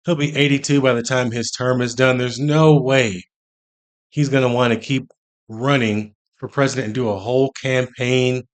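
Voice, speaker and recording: A man's voice: medium pitch, fairly even intonation, normal speed. Chatty, incredulous man hosting a reaction video. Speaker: reaction channel host. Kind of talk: casual reaction commentary.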